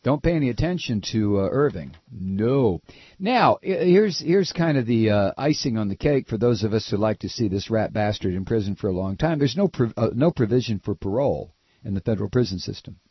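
Male talk host, sarcastic scornful rant, husky voice with wild pitch swings, dull dry lo-fi sound. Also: expressive, brisk, dry recording. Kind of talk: political commentary rant.

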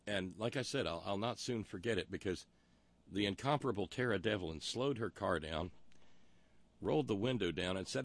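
A man's voice: on the low side, animated, moderate pace, no echo, clean studio sound. A man hosting a talk show, delivering a wry, rambling monologue full of historical asides. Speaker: radio talk show host.

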